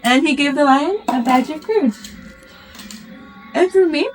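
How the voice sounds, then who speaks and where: A woman vlogger telling a story in a lively, animated way, acting out what the characters say. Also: high-pitched, unhurried, faint music behind, rough recording.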